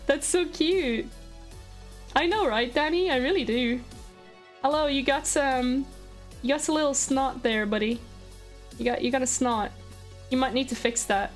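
A woman streaming a video game live, gushing and excitable as she chats with her viewers. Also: high-pitched, unhurried, long pauses. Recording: faint background music.

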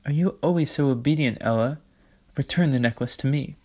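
A man's voice: medium pitch, fairly quick, a little mellow, husky, lightly acted. A man voicing a haughty, bossy teenage girl in a storybook reading, commanding and falsely sweet. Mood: imperious.

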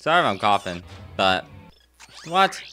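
A man's voice: on the low side, big pitch swings, unhurried, sharp tone, soft background music. A man playing a video game and commenting on it in a playful, joking way, sick and coughing now and then. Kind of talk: let's play commentary.

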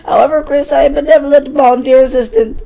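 A man's voice: very high-pitched, steady tone, quick pace, creaky, warm tone, voice pushed up. A man voicing a pompous, nerdy young bird monster man from a game, sounding self-important.

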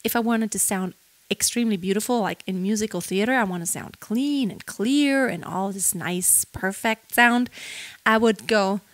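A woman's voice: mid-range voice, moderate pace, no room sound. A young woman teaching singing technique in a lesson, explaining points and singing short phrases to demonstrate them. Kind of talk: vocal lesson with sung demonstrations.

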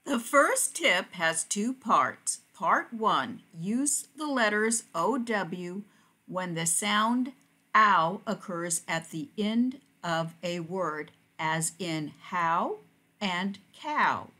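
Slow, bright-voiced woman teaching phonics. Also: fairly low pitch, expressive. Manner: slow, careful, deliberate word-by-word delivery. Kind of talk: scripted phonics lesson narration.

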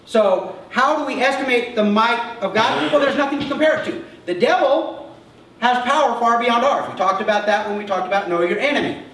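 High-voiced pastor in an echoey church. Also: male voice, brisk, fairly bright tone. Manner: conversational preaching, often checks in with a short "okay?". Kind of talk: sermon. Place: church sanctuary. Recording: echoey church sound heard from a distance with faint noise.

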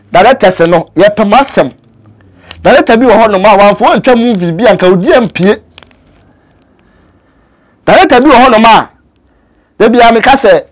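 Earnest Ghanaian man with a very high voice. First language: Twi. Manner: earnest, pleading, switches between languages. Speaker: actor. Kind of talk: casual interview talk.

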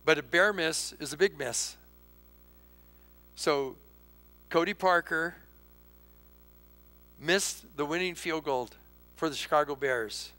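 A male pastor preaching a sermon to his congregation, animated and full of rhetorical questions. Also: on the high side, slow, long pauses, rough recording. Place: church sanctuary.

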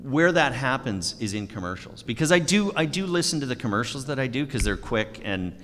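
A middle-aged man answers audience questions at a convention panel. He talks with a very animated pitch, pokes fun at himself and laughs easily. The sound rings with the long reverb of a large hall. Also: fairly quick, slight background noise. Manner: self-deprecating, laughs often, acts out quoted remarks. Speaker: voice actor panel guest. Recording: echoey hall.

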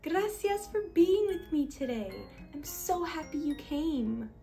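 Female kids' teacher, very high and lively, excited gasps, roomy echo, faint music behind. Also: a little slow. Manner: exaggerated gasps, sing-song and wide-eyed. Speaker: children's language teacher. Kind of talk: baby-directed teaching, bilingual.

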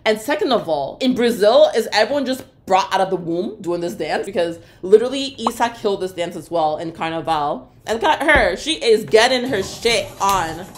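Lively, excitable young woman reacting. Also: mid-range voice, normal speed, few pauses. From Canada. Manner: excitable, exclamatory, laughs often. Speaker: reaction vlogger. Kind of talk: casual reaction commentary.

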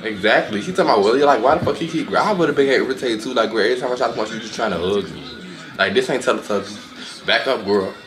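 A man giving sassy, animated reaction commentary on fight highlights, full of exclamations and sudden squealed outbursts. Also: quick pace, few pauses, reverberant, noisy background. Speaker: reaction video host.

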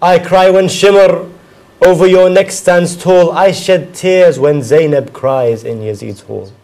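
A man with a fairly high voice recites a sorrowful elegy in a slow, mournful cadence, circling back again and again to its refrains. His delivery swells and sinks as the grief of the verses builds. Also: a little mellow, poor audio.

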